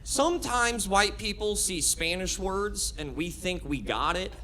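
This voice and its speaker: A man's voice: high voice, expressive, a little slow, background noise. A man doing a stand-up comedy set on a club stage, talking energetically to the crowd with frequent laughs and restarts.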